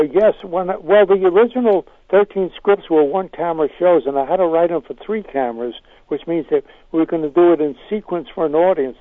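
An older man, a comedy writer, answering interview questions as he tells wry stories with halting restarts, heard over a phone line. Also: fairly high pitch, no echo.

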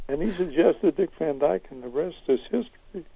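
An older man, a comedy writer, answering interview questions as he tells wry stories with halting restarts, heard over a phone line. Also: a little high, expressive, vocal fry, dark tone, breathy edge, dry recording.

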